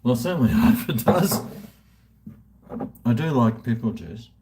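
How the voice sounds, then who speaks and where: Chatting from his home indoors, a livestream host in his late fifties rambles casually, making fun of himself and muttering to himself as he drinks. He speaks unhurriedly in a sing-song, medium-pitched voice, with background noise.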